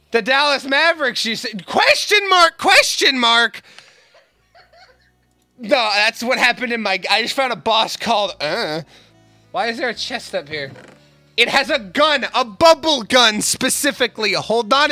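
A young man narrating and reacting to a survival game, excitable and profane, often yelling at the enemies he fights. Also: sits high. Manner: excitable, swears, yells at the game. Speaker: gaming YouTuber. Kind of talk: narrated gameplay commentary.

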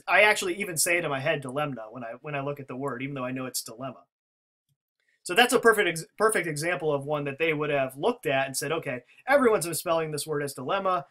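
A video commentator with a fairly high, sharp-toned voice talks through a theory in casual spoken commentary. He rambles, restarting often and using many fillers.

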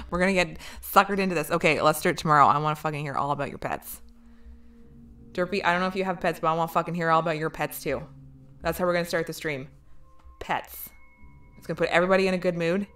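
Low-voiced woman chatting with her stream. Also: quick pace, pauses often, fairly bright tone. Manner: joking and chatty, swears freely. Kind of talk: casual live-stream chat with viewers.

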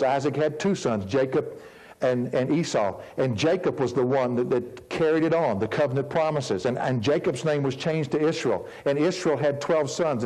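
A man in his fifties, a pastor preaching a sermon in an earnest, emphatic way, slowing down to stress key words. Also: mid-range voice, a little mellow, low-quality recording. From United States. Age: 50s.

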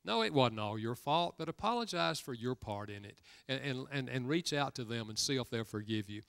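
A man's voice: medium pitch, expressive, a little fast, creaky, a bit bright, clear, resonant tone, dry recording, studio quality. An older man preaching a sermon, telling a story in a folksy way and acting out the dialogue with rising emphasis. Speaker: guest preacher.

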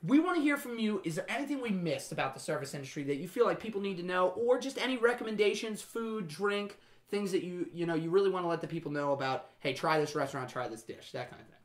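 A man's voice: high voice, animated, quick pace. A man hosting a podcast, chatting casually with crude, teasing jokes. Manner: joking, teasing, crude banter. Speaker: podcast host.

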